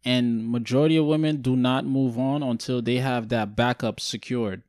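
A man's voice: mid-range voice, fairly even intonation, moderate pace, a little mellow, no echo, clean studio sound. A young man co-hosting a podcast in casual chat, laid-back and reflective. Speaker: podcast co-host.

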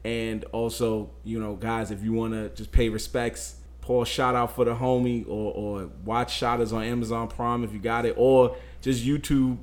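A man's voice: medium pitch, level tone, moderate pace, few pauses. Laid-back slangy man co-hosting a podcast. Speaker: podcast co-host. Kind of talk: casual chat.

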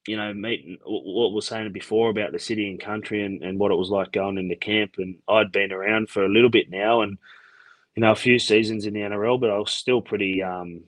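A deep-pitched Australian man spins a relaxed yarn in a dry, close-sounding recording. He is a former footballer talking as an interview guest. He fills gaps with ums and acts out old phone calls as he goes. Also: fairly quick, no echo, poor audio. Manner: laid-back yarning with many fillers; retells events by acting out quoted chats. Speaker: retired rugby league player, guest. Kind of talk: casual storytelling interview.

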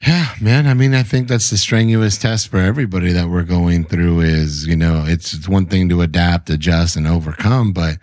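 A man's voice: deep voice, steady tone, normal speed, few pauses, darkish tone, dry recording. A man chatting casually on a podcast in an easygoing, agreeable way, often offering advice. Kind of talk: casual chat.

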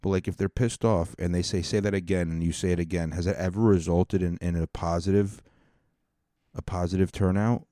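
In a steady, mellow, low voice that moves fairly quickly, a man in his thirties hosts a podcast. He mockingly spins crude, rambling comic stories in a casual way, and the studio-quality recording has no room sound.

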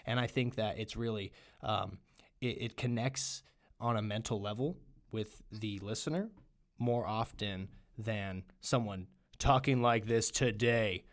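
A man's voice: fairly low pitch, a little slow. A man hosting a podcast, chatting casually and ranting with plenty of swearing. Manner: profane, animated ranting. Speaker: podcast host.

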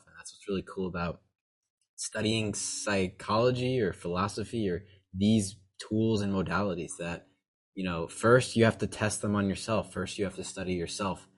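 A male podcast host with a very low voice reflects on the conversation with his guest. He sounds thoughtful and enthusiastic, and he speaks in a casual, friendly way.

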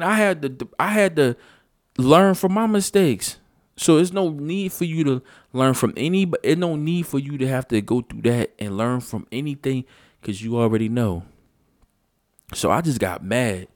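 A man's voice: mid-range voice, animated, normal speed, a little mellow, no echo, studio quality. A man ranting in a casual vlog, blunt and profane, hammering home his points over and over. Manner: blunt, profane, emphatic and repetitive. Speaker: vlogger. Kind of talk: casual unscripted rant.

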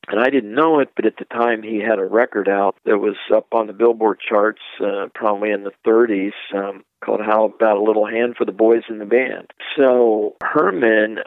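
A man's voice: lowish voice, no room sound. An older man from Ohio, a record producer, telling rambling stories as an interview guest and acting out the voices of the people he quotes. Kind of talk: anecdotal storytelling interview. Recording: tinny phone-like line, dry.

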